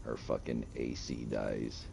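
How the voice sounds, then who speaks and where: A man with an extremely low voice chats while he plays, spinning a profane story full of quoted back-and-forth. The talk is loose and animated. A faint hiss runs under the recording. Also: slow, vocal fry. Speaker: gaming streamer. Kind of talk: casual chat while gaming.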